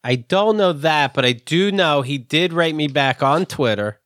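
A man co-hosting a podcast, telling quick, blunt stories in casual comedic chat and swearing. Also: on the high side, animated, a bit bright, no echo, studio quality. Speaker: podcast co-host.

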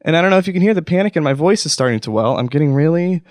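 A man hosting a comedy podcast alone in a studio, rambling and lurching from hushed self-soothing to outbursts. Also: a little high, expressive, very fast, no room sound. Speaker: podcast host. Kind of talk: comic solo rant.

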